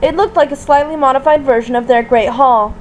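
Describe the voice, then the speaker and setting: Woman narrator, high voice, steady home audiobook reading, small slips. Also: brisk, a little hiss or hum, low-quality recording. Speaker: audiobook reader. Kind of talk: reading fan fiction aloud.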